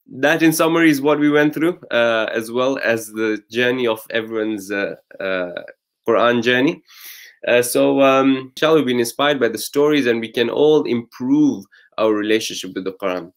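A man with a mid-range voice talks a little slowly. As host and Quran recitation teacher, he casually summarizes recitation lessons, explaining patiently with frequent fillers and restarts.

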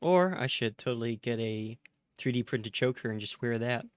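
A man live-streaming a horror game, chatting with his viewers, tired after a night with little sleep, and jumping to loud excitement at the scares. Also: mid-range voice, normal speed, clear, resonant tone, no echo, clean studio sound.

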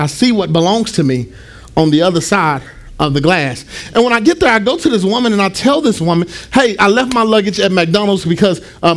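A male pastor preaching a storytelling sermon, animated, acting out the dialogue in his story. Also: high-pitched.

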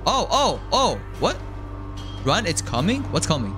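Excitable, screaming gaming commentator man. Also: high-pitched, unhurried, long pauses, over music. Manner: excitable, jokey, yelps and screams. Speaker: gaming YouTuber. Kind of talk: horror game commentary.

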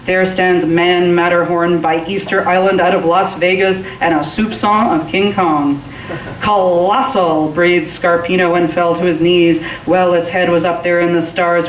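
A woman giving a live reading of a short story, rolling expressively through long rhythmic lists. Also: on the low side. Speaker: reader. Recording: roomy and distant from the mic, faint hiss.

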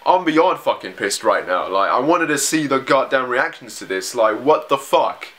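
A man's voice: mid-range voice, very animated, normal speed, fairly bright tone. A man reacting to a TV episode as he watches it, ranting angrily and swearing often. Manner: angry, profane ranting. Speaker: reaction video host.

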